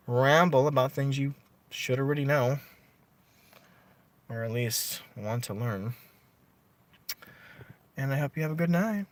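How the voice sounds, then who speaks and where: Guy ranting to camera in his vlog, mid pitch, says like a lot, swears a bunch. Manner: chatty, animated, swearing, frequent "like". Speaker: vlogger. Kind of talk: casual rant to camera.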